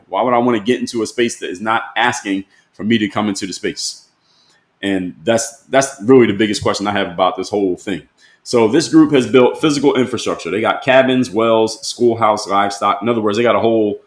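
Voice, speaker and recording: A man with a fairly low voice hosts a live-stream and talks his point through in plain, everyday words. He leans on rhetorical questions and keeps asking them again. The sound comes from a room with a clear echo. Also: fast talker. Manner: plain-spoken, argues with repeated rhetorical questions. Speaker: host.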